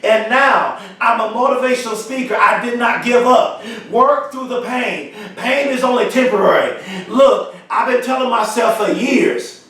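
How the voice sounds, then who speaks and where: A man giving a motivational speech, emphatic and repetitive, stretching key phrases slowly for emphasis. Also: extremely high pitch, fairly bright tone. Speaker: motivational speaker. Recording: very echoey room, mic far off.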